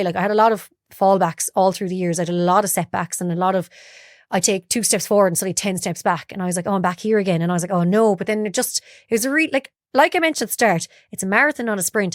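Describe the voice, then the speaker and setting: A young woman with a lowish voice speaks in a podcast studio, recorded at studio quality without room sound. She's a candid interview guest who tells her own story openly and dramatizes the things people said to her.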